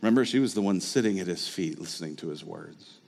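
A man's voice: sits low, lively intonation, quick pace, gravelly, darkish tone, big-room sound. A man preaching a sermon as a pastor, talking in a conversational way and asking the listeners rhetorical questions.

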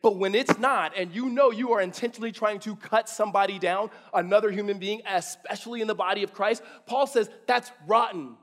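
A man preaching a sermon to a congregation in a conversational, animated way with playful asides. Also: sits high, brisk, hardly any pauses. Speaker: pastor. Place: church hall before a congregation.

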